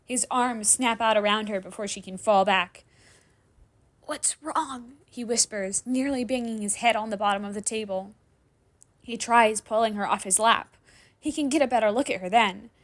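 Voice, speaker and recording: A woman reading fan fiction aloud in dramatic story narration, expressive and sometimes dropping to a hushed whisper. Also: medium pitch, moderate pace. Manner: expressive, drops to hushed whispers in tense moments. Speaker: fanfiction reader.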